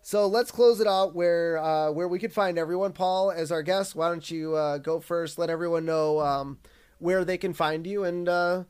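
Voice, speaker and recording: A man co-hosting a casual podcast, excitable and laughing often. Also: on the high side, moderate pace, clear, resonant tone. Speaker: podcast co-host.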